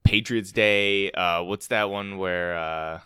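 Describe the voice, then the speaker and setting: A man's voice: sits low, fairly even intonation, slow pace, pushed and bright, no room sound, clean studio sound. A man co-hosting a podcast, chatting casually and cracking jokes. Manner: joking, does rough impressions. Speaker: podcast co-host. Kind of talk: casual chat.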